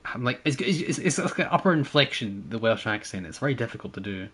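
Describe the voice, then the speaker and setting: A young man calling out a live naval video game match on stream, bouncing between plays and chatter with his viewers. His voice is bright and lively, swinging up and down as he reacts, full of jokes. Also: mid-range voice, quick pace, slightly rough. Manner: animated, jokey, talks to chat. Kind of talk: live gameplay commentary.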